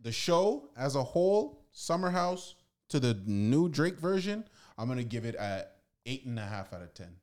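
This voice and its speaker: A man's voice: medium pitch, big pitch swings, moderate pace, darkish tone. Regular guy on a podcast, easygoing, jokes around, mid voice. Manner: easygoing, joking, gives ratings. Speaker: podcast co-host. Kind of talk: casual chat.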